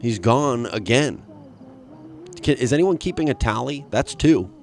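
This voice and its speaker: A man's voice: medium pitch, animated, measured pace, vocal fry, a little hiss or hum. A young man hosting a solo comedy podcast, rambling and self-mocking with many restarts. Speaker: podcast host.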